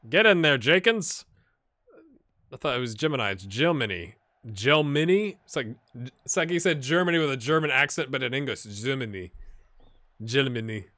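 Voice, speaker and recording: Upbeat American gaming YouTuber, animated delivery with a slightly high voice, dry close recording. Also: male voice, no room sound. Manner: lively, reacts loudly to the match. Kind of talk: casual gameplay commentary.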